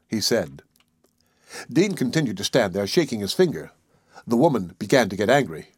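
Husky-voiced male audiobook narrator. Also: on the low side, moderate pace, dry recording, clean studio sound. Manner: expressive, varied reading.

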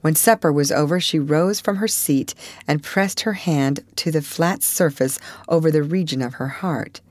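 A woman narrating an audiobook in a measured, expressive reading. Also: low-pitched, dry recording. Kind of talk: scripted narration.

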